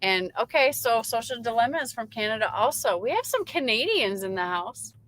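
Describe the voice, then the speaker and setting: A woman's voice: fairly high pitch, very animated, brisk, a bit bright, slight background noise, poor audio. A woman from Michigan hosting a late-night trucking livestream, chatting casually, reading viewer comments aloud and laughing often. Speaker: livestream host. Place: in her truck.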